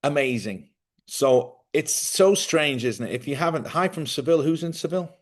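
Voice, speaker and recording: A man's voice: a little high, animated, moderate pace. A middle-aged man, hosting a casual livestream monologue, a chatty storyteller who laughs often and acts out other people's voices. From Ireland. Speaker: livestream host.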